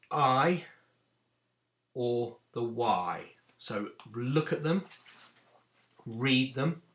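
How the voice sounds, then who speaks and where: Slow, gravelly teacher in an echoey room. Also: male voice, fairly low pitch, a bit bright. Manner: patient, sounding out letters slowly. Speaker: primary school teacher. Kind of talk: recorded phonics lesson.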